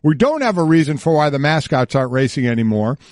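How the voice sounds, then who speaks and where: Middle-aged male sports radio co-host, bright and lively pitch, stammering incredulous delivery, dry booth sound. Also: fast, no room sound. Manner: animated, stammering repeats, incredulous questions. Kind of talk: casual sports talk. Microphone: studio mic.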